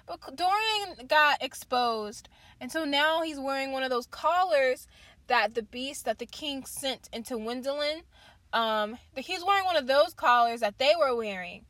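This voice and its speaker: A woman's voice: high voice, expressive, unhurried, fairly bright tone, no echo. A woman chatting casually to viewers in a vlog, gushing and tossing in lots of "like". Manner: chatty and gushing, heavy use of "like"; addresses viewers as "you guys" and "y'all". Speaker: book reviewer.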